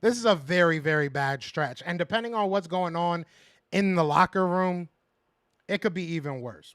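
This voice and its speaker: A man's voice: fairly high pitch, fairly bright tone, dry recording. A man hosting a casual fan podcast, ranting in frustration, repeating himself and answering viewers' chat. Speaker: podcast host reading live chat.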